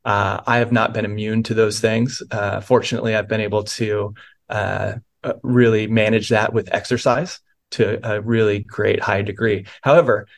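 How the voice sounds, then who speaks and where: A man's voice: lowish voice, fairly even intonation, moderate pace, vocal fry. A man, a pastor and author, earnestly telling a personal story of faith in a podcast interview, with many restarts.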